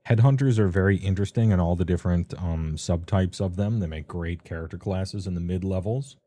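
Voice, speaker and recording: A man's voice: low voice, fairly quick, dark tone. A man streaming a casual, rambling rundown of tabletop game books, offhand and full of ums. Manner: loose and offhand, many ums, laughs at himself.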